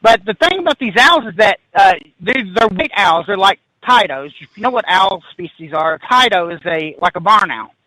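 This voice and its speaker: A man in his fifties, a podcast guest, telling a spooky story in an animated, excitable way, restarting sentences and laughing as he goes. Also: high voice, moderate pace, few pauses, dry recording, low-quality recording. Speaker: guest paranormal investigator.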